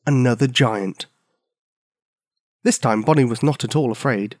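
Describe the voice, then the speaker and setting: A man's voice: medium pitch, unhurried, darkish tone, no room sound, studio quality. A man narrating a children's storybook expressively, with playful asides to the listener.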